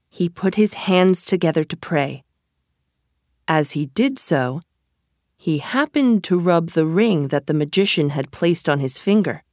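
A woman narrating a storybook in a slow, measured way. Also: deep voice, no room sound, clean studio sound.

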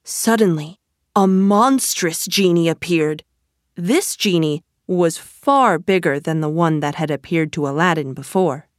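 A woman narrating a storybook in a slow, measured way. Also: fairly low pitch, dry recording, studio quality.

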